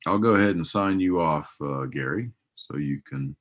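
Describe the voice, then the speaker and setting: A man's voice: extremely low pitch, normal speed. A man hosting and moderating an online forum webinar, talking loosely with many fillers. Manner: loose, rambling, filler-heavy. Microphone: video call.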